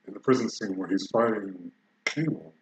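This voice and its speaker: A man's voice: sits low, normal speed, crowd noise, poor audio. A man co-hosting a casual movie review chat, rambling and restarting his sentences. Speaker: podcast co-host.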